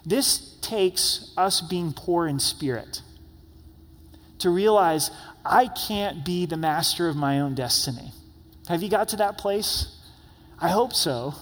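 High-voiced pastor preaching in a hall. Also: male voice, animated, takes it slowly. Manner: earnest, conversational preaching with repeated words. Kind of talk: sermon. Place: church service.

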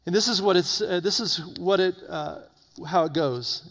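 A man preaching an evening sermon, swinging between loud urgent peaks and low hushed warnings. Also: normal speed, hardly any pauses. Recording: long reverb of a hall.

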